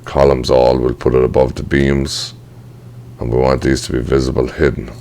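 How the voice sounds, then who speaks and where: A man with a very deep voice, his low notes gravelly, walks through a software tutorial at his computer. He talks casually, thinks aloud and says sorry when he slips. It sounds like a desk mic indoors. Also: level tone, normal speed. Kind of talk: screen-recorded software tutorial.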